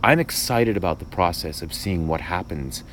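Thoughtful low-voiced man in conversation. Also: normal speed, a little hiss or hum. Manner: thoughtful, restarts often, animated asides. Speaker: playwright and podcast host. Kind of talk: casual conversation.

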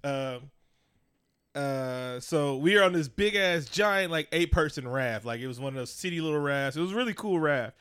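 A man's voice: on the high side, expressive, moderate pace, a bit bright, clean tone, no echo, clean studio sound. A man co-hosting a podcast in casual chat, telling stories animatedly, swearing freely and acting out what others said. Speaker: podcast co-host.

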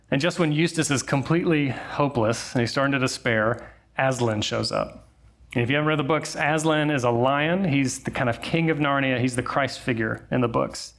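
Man, pastor, conversational sermon, storytelling, mid pitch, relaxed fillers and asides.

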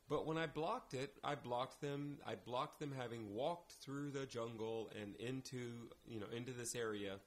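A man in an easygoing podcast conversation, recounting stories from directing plays. He acts out the quoted dialogue with lively energy, and his pitch sits in an ordinary middle range. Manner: animated anecdotes, acts out quoted lines. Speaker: guest, theater director. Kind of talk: casual podcast chat, storytelling.

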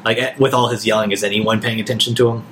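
A man's voice: lowish voice, fairly even intonation, fast talker, fairly bright tone, a little hiss or hum. A man playing a tabletop role-playing game, hesitant and full of fillers. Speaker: player.

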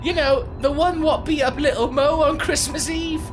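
A man putting on a high, matey Scouse bloke. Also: fairly even intonation, moderate pace, over music. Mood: matey, rambling. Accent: put-on Scouse. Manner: rambling, matey, breaks into laughter. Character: dim, chummy Liverpudlian man Ron, always on about his mate. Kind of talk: improvised comedy sketch.

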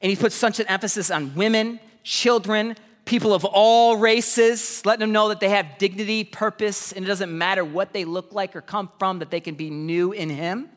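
Male pastor, high bright voice, animated sermon, long church-hall reverb. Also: moderate pace, few pauses. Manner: animated preaching with sudden pitch jumps and acted asides.

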